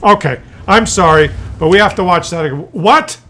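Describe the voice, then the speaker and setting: A man's voice: high-pitched, moderate pace, pushed and bright, slight background noise. A man giving exasperated, incredulous commentary over a game replay. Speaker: gameplay commentator.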